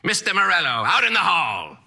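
A man's voice: sits high, huge pitch swings, a little fast, creaky, bright, forceful tone, voice pushed up, full character voice. A man voicing an eccentric old male Latin teacher with a strange, oddly accented delivery, blunt and theatrical but fond. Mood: barking.

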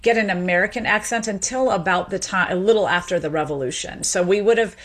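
A middle-aged woman from Memphis, a sociolinguist being interviewed, explaining in an animated way with small restarts. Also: mid-range voice, quick pace. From Memphis, Tennessee. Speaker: sociolinguist and professor, guest.

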